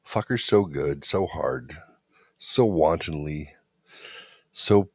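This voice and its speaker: A podcast co-host with a very deep voice tells a story in a casual chat, confident, blunt and profane. The recording is dry.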